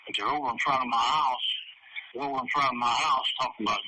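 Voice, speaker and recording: A man's voice: mid-range voice, fast talker, pushed and bright, breathy edge. A man being interviewed, telling a long story in a rambling, profane way and chuckling at parts of it. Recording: distant, noisy recording.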